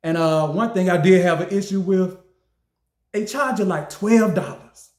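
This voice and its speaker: A man reviewing fast food in a casual vlog, joking, laughing often and acting out his own lines. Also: sits high. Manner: animated, joking, quick to laugh. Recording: roomy echo.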